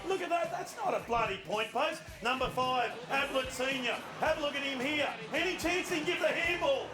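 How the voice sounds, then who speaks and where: A breathless Australian man talks with a high, excited voice, laughing and exclaiming over the clips. The studio sounds roomy and echoey, and music plays behind him. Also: brisk. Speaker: panelist presenting footage segment. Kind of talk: casual studio banter.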